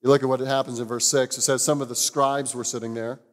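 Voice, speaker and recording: A man, a pastor, giving an expository sermon, telling the story in an animated way and chuckling now and then. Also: mid-range voice, fast talker, in a large hall.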